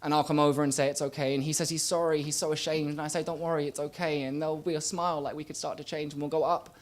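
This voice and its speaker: A young man performing a spoken word poem on a small stage, rhythmic, swinging from loud bursts to quiet murmurs. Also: fairly high pitch, level tone, fast. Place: small live venue stage.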